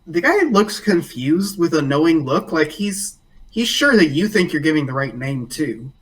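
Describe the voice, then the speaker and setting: A man running a tabletop game as game master, narrating in a relaxed way full of fillers. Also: fairly high pitch, normal speed, recorded from a distance, poor audio.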